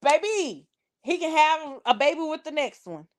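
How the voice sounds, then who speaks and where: A woman's voice: high-pitched, expressive, normal speed. Sassy congested woman on a livestream. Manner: sassy, talks straight to viewers, reads comments aloud. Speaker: livestream host. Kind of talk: casual live-chat commentary.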